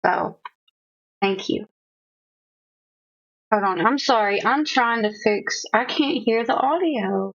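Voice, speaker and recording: A woman's voice: fairly high pitch, animated, takes it slowly, pauses often, no room sound. A woman streamer chatting casually with her viewers, self-mocking and a bit nervous, laughing often. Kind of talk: casual chat with live chat. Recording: dull lo-fi stream audio.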